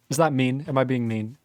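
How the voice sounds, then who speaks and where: A man with a Northern US accent talks as a guest in a casual livestream chat. He rambles in an animated way, piling up fillers. His voice sits mid-range and sounds close and dry, with no room around it. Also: medium pitch, dry recording.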